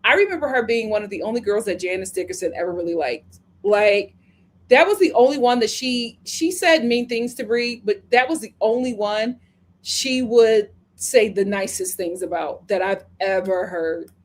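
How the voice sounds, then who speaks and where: A woman of medium pitch and moderate pace runs a relaxed live-stream review, chatting along, reading out comments from viewers, and retelling things with theatrical energy.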